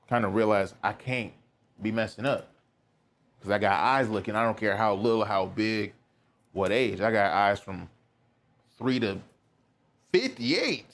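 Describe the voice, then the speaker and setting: A man's voice: lowish voice, a bit bright. Candid young man, rambling podcast story. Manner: candid, rambling, heavy on filler words. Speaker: podcast host. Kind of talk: casual personal storytelling.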